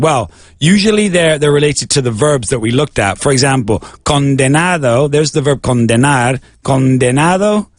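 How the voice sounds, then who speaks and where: A man gives a radio English lesson, slowing down to spell each word letter by letter. His voice sits at an everyday middle pitch. The studio sound is dry, with faint music behind him. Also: no echo. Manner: patient, explains slowly, spells words letter by letter.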